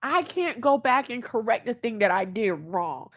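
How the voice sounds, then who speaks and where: A woman with a slightly high voice and big swings in pitch speaks at normal speed in a candid self-help monologue. Drawing on her experience as a mother, she gives heartfelt advice earnestly and acts out the voices of the people she quotes.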